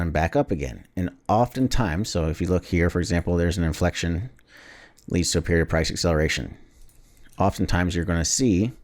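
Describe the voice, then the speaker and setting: Deep-voiced man explaining trading charts. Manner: casual, conversational, with restarts. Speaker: trading educator.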